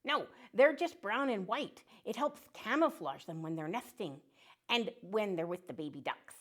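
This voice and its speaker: A woman's voice: mid-range voice, lively intonation, moderate pace, a bit bright. A woman voicing a joke-loving male mallard duck who tells puns and quacks between lines in a children's show. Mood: jokey. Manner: punny, bursts into quacking.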